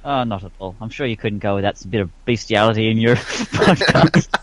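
A man's voice: fairly low pitch, lively intonation, a little fast, dry recording. An Australian man chatting as a podcast guest, laid-back and joking at his own expense. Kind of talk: casual chat.

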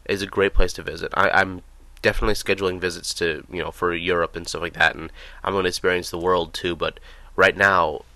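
A man's voice: deep voice, flat delivery, a little fast, pushed and bright, dry recording. A young American man telling casual, rambling stories in a chatty way, with many fillers. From United States. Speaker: vlogger. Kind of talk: casual storytelling.

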